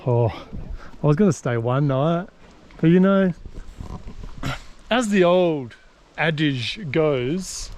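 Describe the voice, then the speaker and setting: A man's voice: fairly high pitch, darkish tone, slight background noise. A man in a casual travel vlog, talking outdoors by a mountain lake in a chatty, self-mocking way. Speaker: travel vlogger.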